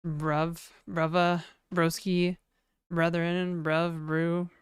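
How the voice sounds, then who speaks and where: A woman's voice: fairly low pitch, flat delivery, drawn-out words, smooth, dry recording, studio quality. Rambling woman livestreaming. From New Brunswick, Canada. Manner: rambling, joking, laughs often. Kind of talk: casual livestream chat.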